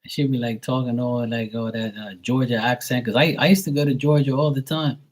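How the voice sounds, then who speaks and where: A man's voice: mid-range voice, fairly even intonation, a little fast. A young adult man with a Bermudian accent, chatting casually and rambling on a live stream, swearing now and then. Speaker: live tarot reader.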